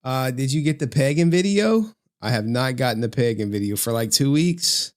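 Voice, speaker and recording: A man chats on a live stream in an easygoing, unscripted way. He sounds tired, his talk is loose and he swears now and then. His voice sits at an ordinary middle pitch. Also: expressive, moderate pace. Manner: loose, chatty, swears casually. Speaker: commentary streamer. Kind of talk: casual live-stream commentary.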